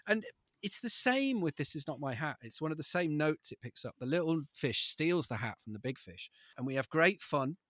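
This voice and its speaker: A man's voice: on the high side, fairly quick, no echo, studio quality. A man in his thirties, a comedian telling funny stories and acting out voices. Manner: animated, acts out voices and quotes. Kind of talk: comic storytelling.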